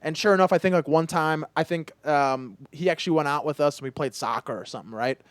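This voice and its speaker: A young man hosts a casual podcast conversation and tells stories with lively energy and a steady stream of "like". His voice sits a bit high for a man. The sound is dry, with no room echo. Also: fast, clear, resonant tone. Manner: animated storyteller, heavy use of "like". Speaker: podcast host. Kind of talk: casual chat.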